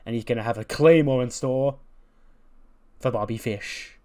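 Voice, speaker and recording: A man's voice: medium pitch, moderate pace, a little mellow, close to an everyday voice. A man voicing a cocky male wrestler who mocks and threatens his rival. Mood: taunting. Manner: mocking, boastful, raised voice.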